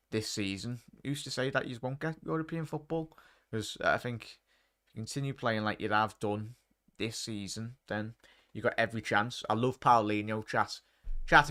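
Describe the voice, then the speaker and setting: A man's voice: lowish voice, pushed and bright, clear, resonant tone. A man hosting a live football watchalong in casual chat, talking to viewers by name with lots of fillers. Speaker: watchalong host.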